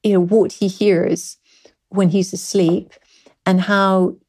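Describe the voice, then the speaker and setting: A woman's voice: medium pitch, little pitch movement, takes it slowly, darkish tone. A woman professor commenting on a speech in a thoughtful, enthusiastic way, with fillers and restarts. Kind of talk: unscripted expert commentary.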